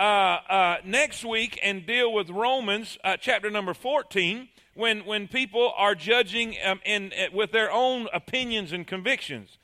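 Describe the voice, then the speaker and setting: A man preaching in a church with a drawl. His voice sits very high and sounds bright and forceful. He talks in an animated way, repeating phrases and stumbling over restarts as he builds his points. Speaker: pastor. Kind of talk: sermon. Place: church sanctuary.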